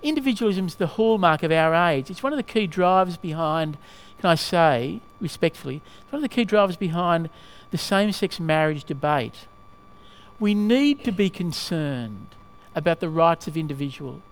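A male preacher giving a sermon in a halting way, often asking the listeners questions. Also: a little high, lively intonation.

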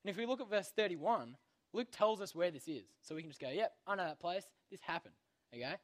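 A man's voice: high-pitched, lively intonation, fairly quick. A young man giving a casual, slangy Bible lesson to children, constantly checking in with "okay?". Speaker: youth Bible teacher.

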